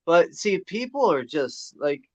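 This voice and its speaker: A man's voice: a little high, big pitch swings, measured pace, dry recording. A man in a casual movie commentary, laid-back, peppering his talk with "like" and laughing easily. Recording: dry dull lo-fi sound.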